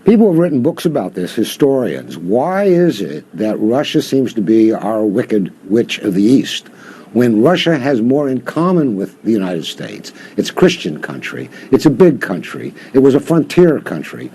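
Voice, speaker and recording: A man's voice: mid-range voice, very animated, moderate pace, warm tone, breathy edge. An older man, a professor guest, giving impassioned interview commentary full of rhetorical questions.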